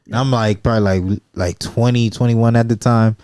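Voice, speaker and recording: Young male co-host, laid-back slang, dark voice, dry close sound. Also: medium pitch, steady tone, moderate pace, smooth, no room sound. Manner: laid-back, slangy, swears a lot, short replies. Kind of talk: casual chat.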